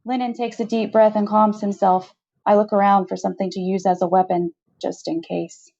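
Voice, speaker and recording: A woman's voice: mid-range voice, level tone, normal speed, vocal fry, dark tone. Woman author reading her story, lo-fi. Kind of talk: first-person story reading. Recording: slightly dull lo-fi sound.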